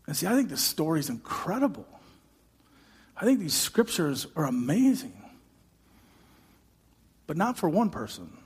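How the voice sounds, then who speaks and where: High-voiced preacher in a reverberant hall. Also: male voice, husky. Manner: dramatic, acts out voices, builds to shouting. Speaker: pastor. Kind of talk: sermon.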